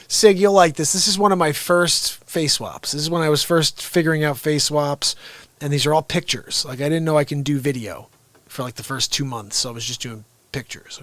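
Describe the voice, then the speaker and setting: A man's voice: on the high side, moderate pace, a bit bright, no room sound. A man chatting casually with his viewers while hosting a livestream. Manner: chatty, talks straight to viewers. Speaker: livestream host.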